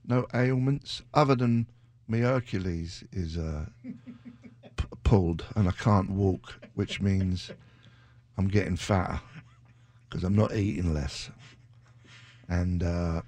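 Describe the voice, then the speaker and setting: A man in his 60s works as a radio DJ, chatting casually between songs, rambling and joking before breaking into a sudden high shouting bit. He takes it slowly with long pauses, recorded on a studio microphone with no echo.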